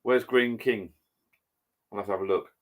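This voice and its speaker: A man's voice: on the low side, fairly even intonation, normal speed. An older man hosting a casual livestream from his home bar, chatty and rambling, reading viewer comments aloud. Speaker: livestream host. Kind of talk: casual live chat.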